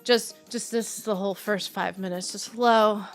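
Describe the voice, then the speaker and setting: A woman's voice: mid-range voice, fairly even intonation, normal speed, gravelly, soft background music. A woman co-hosting a casual podcast who gushes about a film and acts out its scenes in quoted voices. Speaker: podcast co-host. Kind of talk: casual chat.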